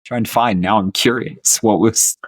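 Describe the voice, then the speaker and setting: A man's voice: fairly low pitch, steady tone, normal speed, breathy edge, no echo. A man co-hosting a podcast, summarizing a tabletop adventure in a laid-back, chatty way with frequent laughs. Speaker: podcast co-host. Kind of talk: casual chat about a tabletop supplement.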